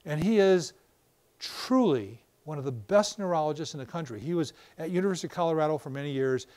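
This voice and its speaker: Older male lecturer, high voice, lively storyteller who acts out everyday examples. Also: a little fast. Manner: animated storytelling with acted-out examples. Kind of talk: professional lecture. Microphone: battery-powered wireless mic.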